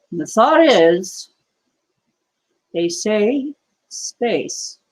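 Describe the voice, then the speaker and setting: A woman chats slowly through a livestream, her pitch bouncing up and down as she greets viewers by name. She rambles, reads out comments and drops into conspiratorial asides, with a mid-height voice. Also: low-quality recording. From United States. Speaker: livestream host. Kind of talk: casual livestream chat with viewers.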